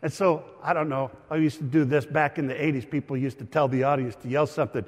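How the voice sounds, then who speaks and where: A middle-aged male pastor preaching a lively sermon, explaining words and raising his voice for emphasis. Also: mid-range voice, fast talker, in a large hall. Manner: animated, shouts for emphasis, teaching aside.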